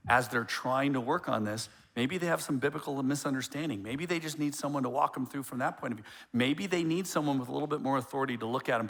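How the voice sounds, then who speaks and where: A male pastor preaching a sermon in a conversational, joking way, with quick asides and frequent restarts. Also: medium pitch, creaky, a bit bright.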